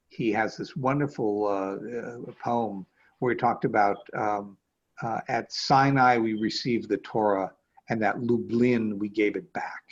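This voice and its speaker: A male rabbi giving a conversational class, hesitant, with many fillers and restarts, over a video call. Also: fairly low pitch. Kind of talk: conversational lecture. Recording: dull lo-fi video call audio.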